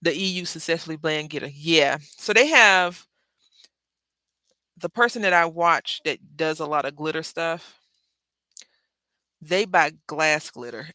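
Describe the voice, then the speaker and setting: Woman host, bright forward voice, chatty and rambling, casual craft livestream. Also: sits low, a little slow, long pauses, no echo. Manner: chatty, rambling, self-correcting, addresses viewers as y'all.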